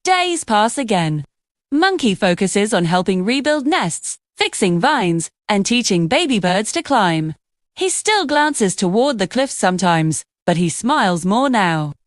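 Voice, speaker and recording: A woman reading scripted narration for a children's cartoon story in an expressive storytelling manner. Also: medium pitch, unhurried, no echo, clean studio sound.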